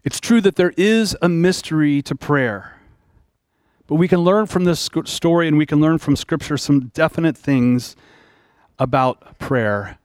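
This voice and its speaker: A man's voice: fairly high pitch, a little slow, a little mellow, no room sound. Conversational male pastor, dry sound. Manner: conversational storytelling, plain-spoken. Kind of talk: sermon.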